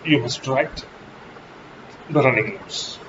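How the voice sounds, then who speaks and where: A male English lecturer whose first language is Telugu teaches slowly and emphatically, his pitch jumping sharply on key words. This is a recorded college lecture, captured in dull lo-fi audio with steady background noise.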